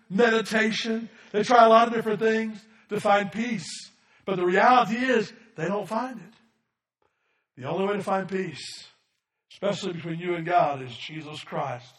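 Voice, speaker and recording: A man with a high-pitched voice preaching in a church sanctuary, recorded from a distance with a roomy echo. He drops to quiet, low asides and then builds to shouts, calling out for amens from the congregation. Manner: swings from soft and low to shouted emphasis, calls for amens. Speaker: pastor. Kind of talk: sermon. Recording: echoey room from off the mic.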